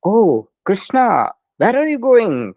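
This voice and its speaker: A man's voice: fairly high pitch, very animated, unhurried, mellow, no echo, highs cut off, pitched above the performer's own voice. A man voicing an indignant ancient male sage who threatens curses, speaking in raised, outraged questions. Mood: puzzled. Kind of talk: storytelling in a lecture.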